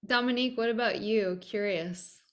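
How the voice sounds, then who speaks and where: A woman's voice: a little high, normal speed, a bit bright. A woman hosting a podcast, chatting casually with guests and laughing easily. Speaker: podcast host. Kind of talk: casual conversational interview.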